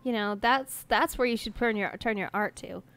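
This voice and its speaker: Female radio co-host, bright-pitched, eager presenter. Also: moderate pace. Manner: enthusiastic, presents online videos. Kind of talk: casual radio chat.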